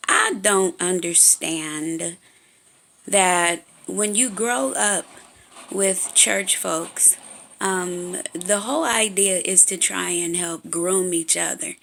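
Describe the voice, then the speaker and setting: A woman giving a halting, earnest spiritual monologue with many fillers and restarts. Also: lowish voice, gravelly, fairly bright tone. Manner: earnest, agitated.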